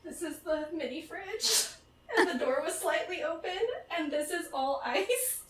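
A young woman chatting casually with friends, giggling often and telling animated stories. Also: high voice, measured pace. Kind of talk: casual chat among friends.

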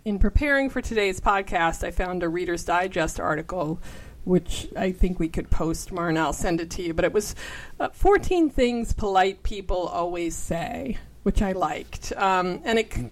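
A woman co-hosting a podcast, chatty and acting out the voices she quotes. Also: lowish voice. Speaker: podcast co-host. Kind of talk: casual chat.

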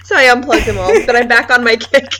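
A woman chatting on a podcast, spinning animated, rambling stories and laughing often. Her voice is bright and sharp, sitting a little high. She is heard from a step back from the microphone. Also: fast, far from the mic. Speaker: podcast co-host. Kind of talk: casual chat.

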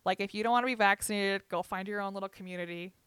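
A young woman co-hosting a podcast, venting bluntly with lots of swearing and telling animated stories between laughs. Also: mid-range voice, racing, smooth, dry recording. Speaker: podcast co-host. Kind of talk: casual chat.

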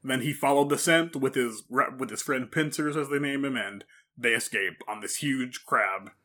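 Male co-host, enthusiastic fan chat, bright forward tone. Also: medium pitch, moderate pace. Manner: enthusiastic, fan-trivia, chatty. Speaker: podcast co-host. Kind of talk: casual chat recapping an anime.

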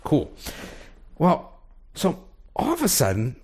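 A man's voice: a little high, wildly swooping pitch, slow, husky. A man on a casual podcast telling a story with lots of energy, acting out the voices of the people in it and laughing often.

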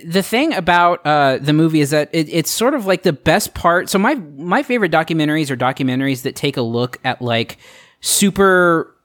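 A man's voice: on the high side, expressive, moderate pace, fairly bright tone. A man co-hosting a podcast in casual chat, rambling and hesitant, circling his points before landing them. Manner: rambling, hesitant, many fillers and restarts, laughing along.

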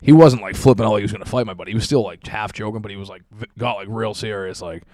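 Fast-talking young man, swearing casually. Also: lowish voice, dark tone, no echo, studio quality. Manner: rambling, profane, lots of fillers. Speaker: storyteller. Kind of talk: casual chat.

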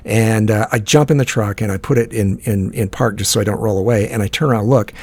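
A man's voice: on the low side, brisk, a little mellow, husky, dry recording. A man telling a long story in casual chat, swearing often and restarting his sentences. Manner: profane, rambling, many restarts. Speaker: podcast co-host telling a story.

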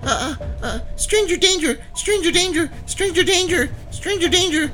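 A man's voice: very high-pitched, lively intonation, normal speed, bright, forceful tone, faint music behind, voice pushed up, full character voice, poor audio. A man voicing an elderly man who talks in the whiny voice of a four-year-old boy. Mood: panicked. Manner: whiny, pleading, childlike.

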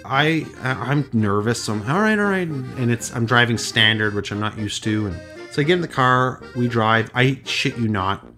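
A Canadian man hosting a podcast, telling a story in a lively, self-deprecating way. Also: mid-range voice, moderate pace, hardly any pauses, faint music behind. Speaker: podcast host. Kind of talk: casual storytelling chat.

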